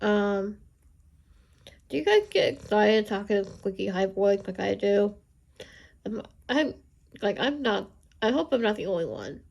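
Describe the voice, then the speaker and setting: Chatty woman with a gravelly edge. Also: expressive, unhurried, long pauses, darkish tone, muffled recording. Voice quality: high squeaky voice. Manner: rambling, chatty, talks to viewers while working. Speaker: art channel host. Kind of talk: casual chat while drawing.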